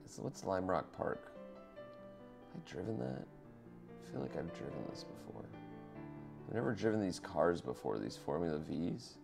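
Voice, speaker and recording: A man's voice: deep voice, very animated, measured pace, gravelly, long pauses, music in the background. A man chatting loosely to his viewers while playing a racing game, swearing and rambling in asides. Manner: loose, swearing, talks to chat. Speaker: streamer. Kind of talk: casual live-stream chat while racing.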